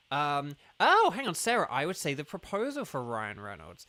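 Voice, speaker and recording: A young game streamer from southern England rambles chattily on a livestream, leaning heavily on "like" in his southern English accent. His voice is a little high and a little fast with huge pitch swings, few pauses, and a bright, forceful tone.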